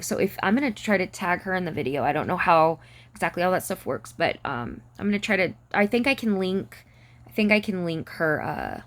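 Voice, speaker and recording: A woman talking to camera in a personal vlog, halting and close to tears, with many fillers and restarts. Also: lowish voice. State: near tears. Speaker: vlogger.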